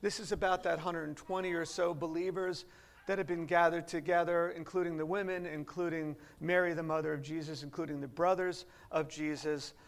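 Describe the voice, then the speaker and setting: A man with a rather high-pitched voice delivers a teaching sermon in church. His tone has a gravelly, fry-edged texture as he unpacks scripture piece by piece and poses rhetorical questions to his seated listeners. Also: fairly even intonation, a little fast. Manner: explains verse by verse, asks rhetorical questions. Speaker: pastor. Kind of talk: expository sermon. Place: church before a seated congregation.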